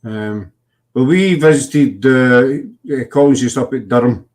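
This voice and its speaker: A man's voice: medium pitch, takes it slowly, darkish tone. Rambling Scottish man telling stories. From Scotland. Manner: rambling storyteller with many fillers and restarts. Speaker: podcast host. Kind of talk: casual chat.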